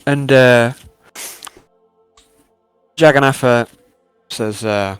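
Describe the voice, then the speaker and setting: A man's voice: on the low side, steady tone, normal speed, fairly bright tone, no room sound, faint music behind. A man running a tabletop game as game master, narrating scenes in a descriptive way with many fillers.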